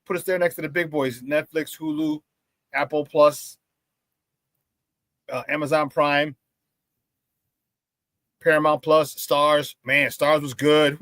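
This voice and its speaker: A man hosting a morning sports talk show, hyping up viewers in a playful, lively way and often breaking into laughter. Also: fairly high pitch, a little slow, pauses often, no room sound. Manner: hype, playful, talks to the chat and laughs often. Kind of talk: upbeat morning show chat.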